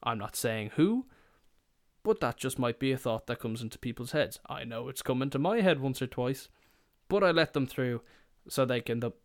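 A young man tells a shop story on his podcast in a loose, rambling way. He swears freely and pokes fun at himself, and his voice sits at a middling pitch. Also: animated, normal speed, no echo, studio quality. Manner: rambling, profane, self-mocking. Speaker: podcast host. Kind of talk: casual storytelling.

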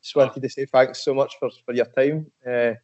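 A man's voice: mid-range voice, little pitch movement, normal speed, a little mellow. A man hosting a podcast, chatting casually with his guests. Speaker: podcast host. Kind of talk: casual interview chat. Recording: dull lo-fi audio.

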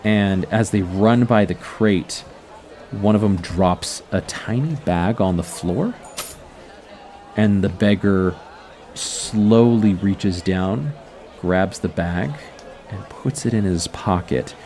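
A man running a tabletop game as game master, narrating scenes in a drawn-out, descriptive way with chuckles. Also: fairly low pitch, darkish tone.

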